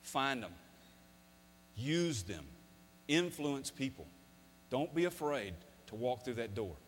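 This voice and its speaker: A man's voice: medium pitch, very animated, takes it slowly, a little hiss or hum. A man in his fifties, a former coach, gives a folksy, emphatic motivational talk, telling stories to an audience. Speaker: speaker, former football coach. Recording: long hall reverb.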